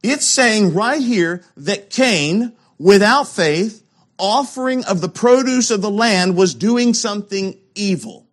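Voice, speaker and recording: A man preaching with a notably high voice. He leans hard on key words and asks pointed rhetorical questions. He drops to hushed lows before rising again. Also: lively intonation, takes it slowly. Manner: emphatic, rhetorical questions, swings between loud and hushed. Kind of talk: sermon.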